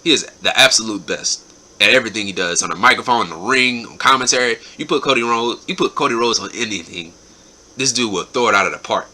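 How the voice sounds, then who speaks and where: Talking quickly in a fairly low voice that sounds pushed and bright, a man runs his own show reviewing wrestling episodes. His recap is casual and enthusiastic, full of repeated words.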